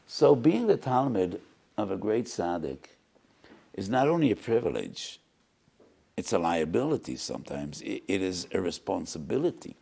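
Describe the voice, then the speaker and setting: A man's voice: low-pitched, big pitch swings, moderate pace, creaky, dark tone, breathy edge. An older man, giving an earnest Torah lecture that rises to emphatic peaks. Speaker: rabbi.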